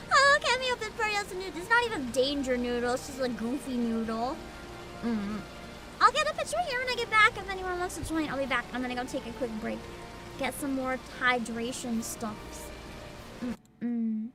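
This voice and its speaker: A woman streamer chatting casually and rambling, laughing often as she talks. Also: high-pitched. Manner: giggly, rambling, frequent laughter. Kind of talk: casual livestream chat.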